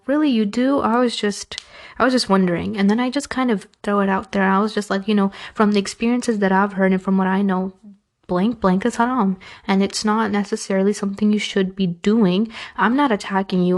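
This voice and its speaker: Young woman giving casual, animated advice. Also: mid-range voice. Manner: animated, acts out quoted conversations. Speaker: podcast host giving advice.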